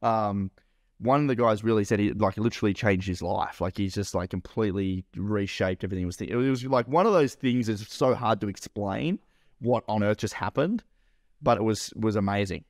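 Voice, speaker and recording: A man's voice: fairly low pitch, fairly quick, no echo, studio quality. A man co-hosting a podcast, telling a story in a rambling, casual way, full of fillers and swearing. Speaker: podcast co-host and business owner.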